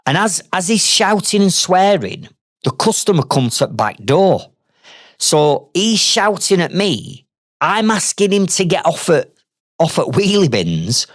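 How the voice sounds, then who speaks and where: Animated Northern English man telling a story. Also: high-pitched, measured pace, no room sound, clean studio sound. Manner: animated, conversational, blunt. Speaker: podcast host, trades business owner. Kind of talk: storytelling monologue.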